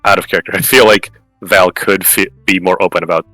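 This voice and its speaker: A very deep-voiced man with a bright, forceful edge, playing a tabletop game. He answers quietly and briefly, recorded dry and close with faint music behind him. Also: steady tone, brisk, dry recording, poor audio. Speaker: player.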